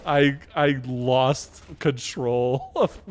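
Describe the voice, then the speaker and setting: A man streaming a video game live, laughing hard and reacting with excited, profane commentary. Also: mid-range voice, very slow.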